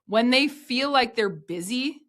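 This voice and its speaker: A woman's voice: a little high, expressive, a bit bright. Upbeat encouraging woman podcast host. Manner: upbeat, encouraging, quick to laugh. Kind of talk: casual podcast chat.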